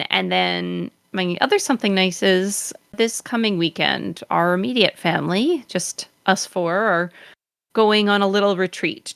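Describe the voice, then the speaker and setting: A woman on a podcast chatting in a cheerful, unhurried way. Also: lowish voice, vocal fry, a bit bright, clean tone, no room sound, studio quality. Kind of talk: casual podcast chat.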